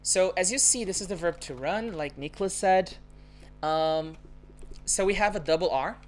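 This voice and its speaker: A woman's voice: lowish voice, slight background noise. A Brazilian woman with a Brazilian accent, a native Portuguese speaker teaching pronunciation on a live stream and repeating each word twice. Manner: models words slowly, repeating each twice. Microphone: phone or computer mic on a live stream.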